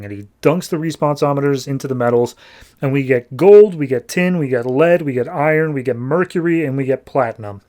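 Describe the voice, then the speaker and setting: A man's voice: mid-range voice, brisk, a little mellow. A man hosting a podcast, casually recapping a comic with jokes and acted-out voices. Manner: chatty, jokey, acts out the characters. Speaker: podcast host.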